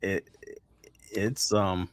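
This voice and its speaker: Hosting a casual livestream, a man vents with profanity, frustrated but laughing often between complaints. His low voice has little pitch movement and moves very slowly, with no room sound.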